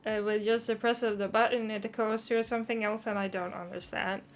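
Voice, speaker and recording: A woman's voice: mid-range voice, little pitch movement, a little fast. A woman streaming live, chatting casually and self-consciously while reading chat.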